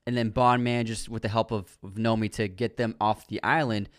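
A man's voice: lowish voice, flat delivery, fairly quick, no echo, clean studio sound. A man co-hosting a podcast, casually recapping a film's plot with frequent fillers. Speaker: podcast co-host. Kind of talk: casual film review chat.

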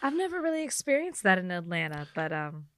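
A woman co-hosting a podcast in casual chat, teasing and quick to call her co-host out. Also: fairly low pitch, sing-song, a bit bright, smooth, no echo, clean studio sound.

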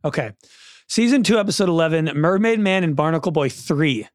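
A man's voice: a little high, lively intonation, a little fast, dry recording, studio quality. A man in his twenties co-hosting a podcast in casual chat, who talks with enthusiasm and acts out scenes as he retells them. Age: 20s. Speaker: podcast co-host.

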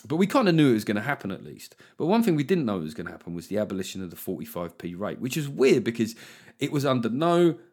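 A man hosting a solo podcast, ranting about politics in an animated, sweary, mock-incredulous way. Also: medium pitch, fast talker, breathy edge. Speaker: podcast host.

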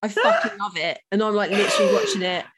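A woman's voice: mid-range voice, fast talker, heavy background noise. A woman co-hosting a podcast, chatting crudely and reading listener emails aloud. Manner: crude, giggly, animated. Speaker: podcast co-host. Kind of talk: casual podcast chat.

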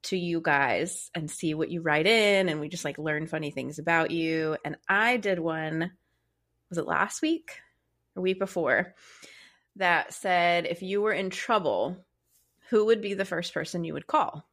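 A woman's voice: on the low side, measured pace, fairly bright tone. Young woman podcast host, chatty, laughs a lot, telling a funny story. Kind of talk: casual chat.

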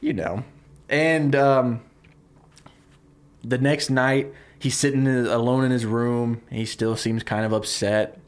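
A man co-hosting a podcast, casually pitching a movie idea, rambling with many fillers and laughing easily. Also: steady tone, takes it slowly. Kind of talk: casual chat.

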